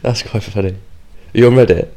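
A man's voice: fairly low pitch, steady tone, normal speed, mellow. A man co-hosting a podcast, asking easygoing questions and giving short agreeing replies. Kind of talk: casual chat.

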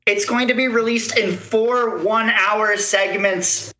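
A co-host in a casual chat, quick, blunt and opinionated. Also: medium pitch, steady tone, bright, forceful tone, reverberant, rough recording.

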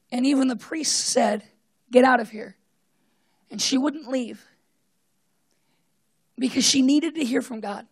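A woman with a husky, slightly high voice delivers a sermon in a storytelling way. She swings from loud bursts down to hushed, near-whispered tones and acts out the voices in the story. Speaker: preacher.

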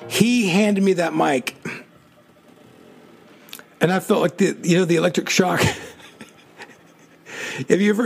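A man's voice: fairly high pitch, vocal fry, slightly rough. A man telling an emotional personal story in a casual way, acting out quotes and laughing often. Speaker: storyteller recalling his music past.

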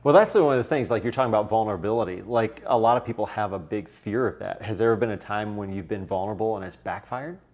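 A man interviewing a guest, asking measured, slow-building questions. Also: fairly low pitch, darkish tone.

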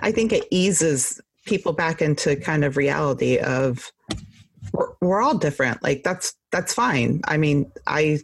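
A podcast co-host in casual chat, speaking in a measured, thoughtful way. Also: mid-range voice, expressive, gravelly, breathy edge, no echo.

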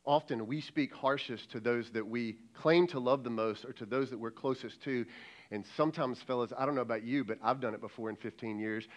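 A man's voice: mid-range voice, brisk. A man preaching a sermon as lead pastor, talking in a conversational, emphatic way and acting out quoted dialogue.

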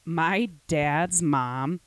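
A woman podcast host in casual chat, telling an animated story and acting out quotes. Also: low-pitched, very slow, no room sound. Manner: animated storytelling, frequent swearing, acts out quotes.

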